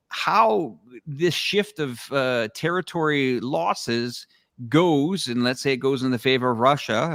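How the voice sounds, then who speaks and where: A man's voice: medium pitch, a bit bright, no echo, studio quality. A man co-hosting an interview, asking a long rambling question while searching for words. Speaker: co-host.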